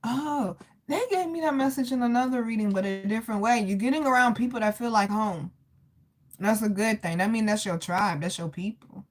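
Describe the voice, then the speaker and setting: Chatty woman tarot reader, higher voice. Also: fairly quick. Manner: chatty, calls listeners baby and boo; loose and animated, laughs and greets chat viewers. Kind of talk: casual live tarot reading.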